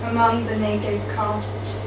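Woman reciting a poem slowly. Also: mid-range voice, monotone. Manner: measured, deliberate recitation. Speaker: poet. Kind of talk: poetry reading. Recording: roomy, distant mic, ambient noise.

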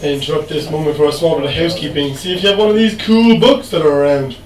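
A man at a poetry event, making chatty announcements before reciting a poem slowly and with measure. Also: a little high, darkish tone. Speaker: poet reading at an open mic. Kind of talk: live poetry reading with casual asides. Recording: distant mic in a roomy, noisy venue.

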